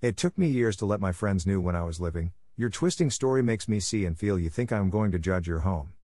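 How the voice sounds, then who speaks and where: A man voicing a kind young woman, a gentle librarian, in a reassuring tone. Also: low-pitched, expressive, a little fast, no room sound, clean studio sound.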